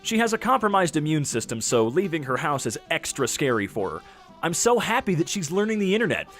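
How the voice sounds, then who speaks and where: Lively wisecracking man reading posts. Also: fairly high pitch, a little fast, faint music behind. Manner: playful, wisecracking asides. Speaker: YouTuber reading Reddit posts. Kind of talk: reading posts aloud with joking reactions.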